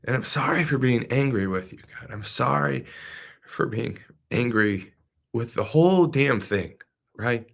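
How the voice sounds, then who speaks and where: A man's voice: medium pitch, expressive, a little slow, gravelly. Earnest man giving a devotional talk. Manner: earnest, repetitive, preacher-like emphasis. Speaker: host.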